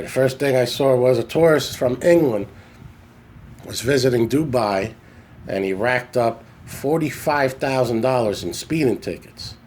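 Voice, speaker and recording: A man talks straight into a phone camera in a casual, rambling way. He corrects himself often and keeps the chat loose. His pitch sits in a middle range for a man, and a faint hiss runs behind him. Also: a little mellow. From New York. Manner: rambling, chatty, self-correcting. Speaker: podcast host. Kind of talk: casual storytelling monologue.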